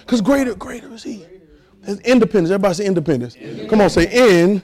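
A man's voice: high voice, fast talker, a little mellow, rough recording. A man preaching a sermon, repeating phrases and leading his congregation in call and response.

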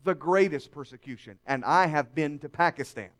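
A male pastor delivers a sermon with a high-pitched voice. He drops to hushed, confiding tones, then builds to loud, emphatic declarations for the congregation. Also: normal speed. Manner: dramatic, swings from hushed to shouting.

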